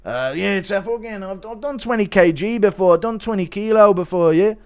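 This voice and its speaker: A man's voice: sits high, fairly quick, clear, resonant tone, pitched above the performer's own voice. A man putting on a cocky Irish fighter. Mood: boastful. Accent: put-on Irish.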